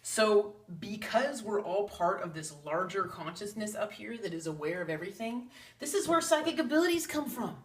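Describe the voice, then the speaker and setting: A woman who hosts a psychic channel talks to camera about spiritual ideas, earnest and chatty, slipping into quoted asides. Her mid-range voice is animated at a normal speed, picked up from a distance with roomy echo.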